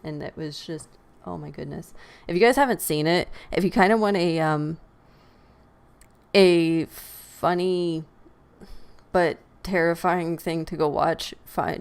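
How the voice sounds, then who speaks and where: An American woman with a deep, gravelly voice hosts a podcast. Her commentary is casual and opinionated, delivered with animation, plenty of laughs, and sighs.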